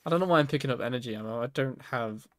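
A man's voice: medium pitch, rapid-fire, fairly bright tone. A young man on a casual gaming livestream, joking and bantering playfully with a friend. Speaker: streamer.

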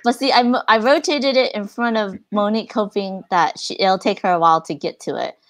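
A woman's voice: mid-range voice, a little fast, no echo. A woman hosting a board game stream, chatting casually, thinking aloud and laughing often. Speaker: streamer host.

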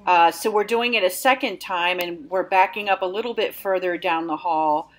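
A woman's voice: fairly low pitch, moderate pace. A woman dog trainer hosting an at-home obedience lesson, talking upbeat and friendly as she explains each step. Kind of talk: instructional video talk.

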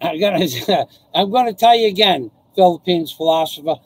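A man's voice: sits high, lively intonation, moderate pace, breathy edge, no room sound, low-quality recording. A man hosting a casual live stream, chatting with viewers, laughing often and ranting with profanity. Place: home in the Philippines.

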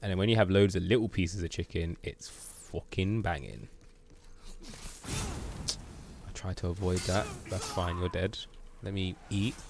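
A man giving lively commentary on his game during a live stream, full of exclamations, sound effects and swearing. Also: low-pitched, unhurried, creaky, long pauses, a little hiss or hum.

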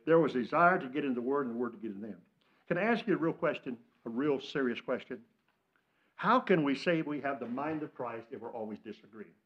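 An older man with an American Midwestern accent, preaching a fervent sermon as pastor, swinging from loud exhortation to hushed asides. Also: mid-range voice, animated, brisk, lo-fi sound. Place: church sanctuary.

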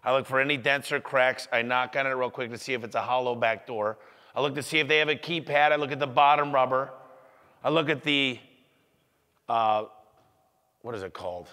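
Energetic man giving a business talk. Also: medium pitch, brisk. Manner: energetic, acts out customer dialogue. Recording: echoey hall.

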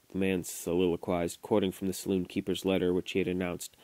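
A man reading a classic novel aloud to his children, at a steady storytelling pace with small restarts. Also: deep voice, brisk, no room sound. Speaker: father reading to his kids. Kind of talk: audiobook narration. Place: home recording.

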